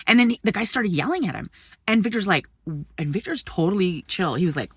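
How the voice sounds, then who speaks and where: A young woman vlogger casually retelling an argument from the passenger seat of a parked truck, animated and indignant, swearing freely. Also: lowish voice, brisk, slightly rough, no room sound. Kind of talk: casual storytelling vlog.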